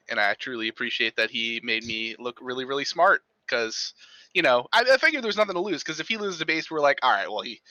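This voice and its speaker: Very bright-voiced man bragging playfully. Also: medium pitch, dry recording, dull audio. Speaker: awards co-host. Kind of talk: casual panel chat.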